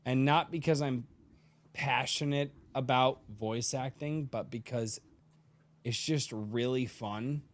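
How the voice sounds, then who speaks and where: A man hosting a casual podcast chat, rambling and swearing freely, a bit tipsy from drinking. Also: mid-range voice. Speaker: podcast host.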